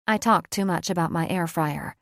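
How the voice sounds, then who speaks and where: A woman's voice: lowish voice, moderate pace, no echo. A woman reads a first-person audiobook in a reflective, conversational way, close to the mic. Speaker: audiobook narrator.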